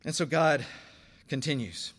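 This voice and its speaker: An older man preaching a sermon, telling stories with big swings from quiet asides to shouted lines. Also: on the high side, measured pace. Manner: animated storytelling, swings from soft asides to shouting. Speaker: pastor.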